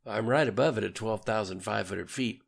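A man voicing a gruff, hard-driving male military commander in an audiobook. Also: on the low side, moderate pace, exaggerated voice. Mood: commanding. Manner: barking orders. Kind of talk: audiobook reading.

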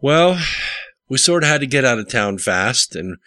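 An excitable, eager grease monkey, voiced by a man, lifted above his own deep register. The tone stays bright and punchy. The recording is dry and close. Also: normal speed, dry recording. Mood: flustered.

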